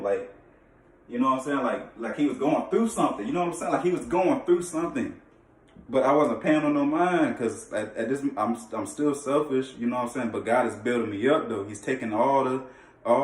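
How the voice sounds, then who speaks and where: A man casually telling a personal faith testimony, earnest and slangy, often repeating and restarting his phrases. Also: mid-range voice. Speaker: vlogger sharing a faith testimony. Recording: echoey room, distant mic.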